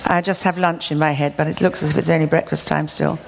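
A woman's voice: low-pitched, fast talker, gravelly, very noisy. A woman preacher telling a funny, self-mocking story in a sermon, often laughing as she talks. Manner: lively, self-mocking, laughs through her stories.

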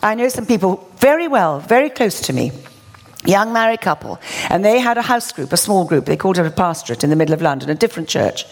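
A woman preaching, telling a healing story with wry asides and rising, animated emphasis. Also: mid-range voice, fast. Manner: animated, wry, builds to exclamations. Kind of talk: sermon storytelling.

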